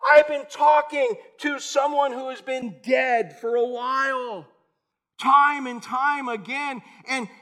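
A man in his sixties preaching a casual, lively sermon, calling listeners dude and bro. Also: very high voice, slow pace. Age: 60s. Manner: animated, slangy, calls the audience dude and bro. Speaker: pastor.

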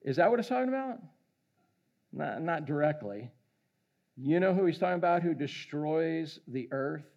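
A man with a fairly high voice preaches a casual sermon, trading jokes with people in the pews. He is middle-aged and talks loosely and conversationally, and the recording sounds dull and lo-fi. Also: expressive, moderate pace, pauses often, darkish tone. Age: middle-aged or older. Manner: conversational, jokey, calls out listeners. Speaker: pastor.

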